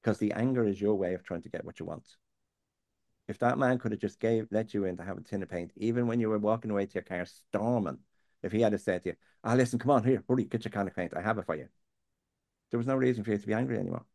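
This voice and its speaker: Gravelly deep-voiced man. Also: expressive, quick pace, mellow, no room sound. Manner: earnest, plain-spoken, digressive. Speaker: guest speaking on faith. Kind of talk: candid conversational chat.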